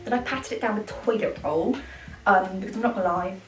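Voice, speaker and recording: A woman's voice: medium pitch, fairly quick, echoey room, rough recording. Exasperated woman vlogging. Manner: exasperated ranting, restarts and trails off. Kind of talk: casual vlog.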